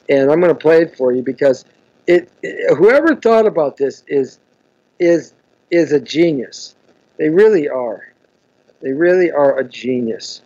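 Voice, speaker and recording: A man with a slightly high voice hosts a live show in lo-fi sound. It's a casual live-stream chat where he stumbles, repeats words, and greets viewers by name.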